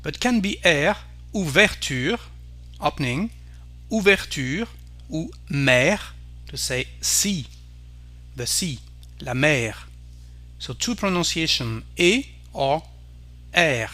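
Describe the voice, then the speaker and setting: A man with a French accent teaching pronunciation, saying each word slowly and carefully and repeating it for the learner. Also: on the high side, big pitch swings, bright, forceful tone. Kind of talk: pronunciation lesson.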